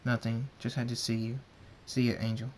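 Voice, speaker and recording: A man's voice: medium pitch, normal speed, slight background noise, close to an everyday voice. A man reading a fan story aloud, voicing a protective pegasus father in his own plain voice. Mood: gentle. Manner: plain, steady delivery; yells in panic. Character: caring adult pegasus stallion father, protective.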